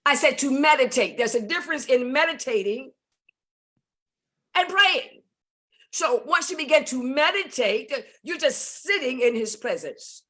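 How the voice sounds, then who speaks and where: A woman's voice: sits high, animated, unhurried, bright, forceful tone. A woman giving a fervent, preacher-like testimony on a video call, repeating phrases for emphasis. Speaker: guest speaker.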